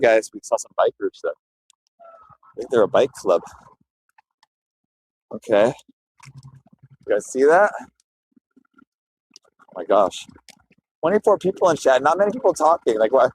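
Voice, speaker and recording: A man's voice: mid-range voice, expressive, unhurried, pauses often, darkish tone, poor audio. A man streams live from his phone as he walks outside, talking to his chat in a loose, meandering way. His thoughts drift and restart as he goes, and there is a faint hum of outdoor noise behind him. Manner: loose, rambling and chatty, talks to chat viewers. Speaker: livestreamer. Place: outdoors, walking through a neighborhood.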